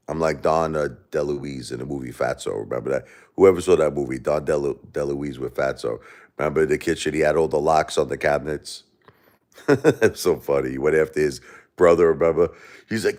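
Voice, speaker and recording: A man's voice: very deep voice, brisk, a little mellow. A middle-aged man hosting a livestream, rambling casually and profanely while joking with his chat. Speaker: livestream host.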